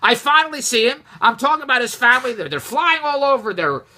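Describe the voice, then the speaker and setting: A man telling a casual personal story, rambling and repeating himself, rising and getting louder when exasperated. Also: extremely high pitch, fast. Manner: animated, rises and gets louder when exasperated.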